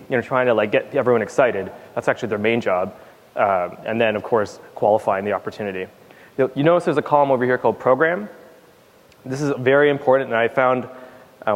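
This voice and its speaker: A man giving a casual conference talk on stage, emphatic and fond of repeating words for stress. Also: mid-range voice. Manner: casual with fillers and restarts. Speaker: conference speaker. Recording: long hall reverb.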